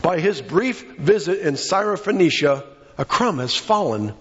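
Male preacher, passionate sermon delivery, slightly high pitch, dull lo-fi recording. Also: big pitch swings, measured pace. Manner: impassioned, acts out quoted voices.

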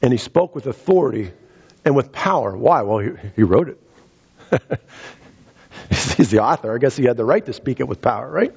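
A man preaching a sermon as pastor, earnest, repeating words and rising in pitch for emphasis. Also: animated, normal speed, creaky, pauses often, a little mellow, breathy edge, lo-fi sound.

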